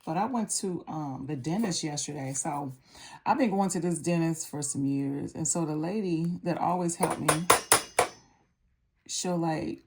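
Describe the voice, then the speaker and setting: A woman chatting casually and relaxed with frequent ums and likes as she walks through a nail art tutorial. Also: sits low, measured pace, slight background noise. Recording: electric nail file buzzing behind.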